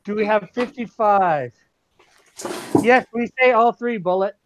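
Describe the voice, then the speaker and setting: A man's voice: high-pitched, a little slow. A man hosts a livestream art auction, calling for bids in a jokey way. His mic sounds dull and lo-fi, with a faint hiss of noise underneath. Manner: jokey, laughs between calls for bids. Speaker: auction host.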